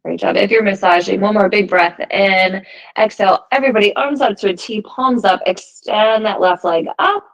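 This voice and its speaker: Female yoga instructor, mid-pitched, calm and encouraging, cueing each breath and stretch. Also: normal speed, gravelly, highs cut off. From United States. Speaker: yoga teacher. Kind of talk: guided yoga class instruction.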